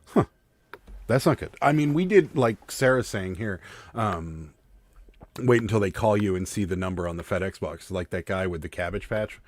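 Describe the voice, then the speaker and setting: A man's voice: low voice, dry recording. A man co-hosting a casual livestream chat about reselling, telling stories with plenty of laughter. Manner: animated storyteller, quick to laugh. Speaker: livestream co-host.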